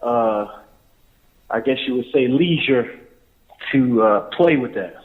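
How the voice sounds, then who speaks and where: A man's voice: medium pitch, slow. Laid-back male guest on a dull line. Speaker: guest, website co-founder. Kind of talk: casual interview chat.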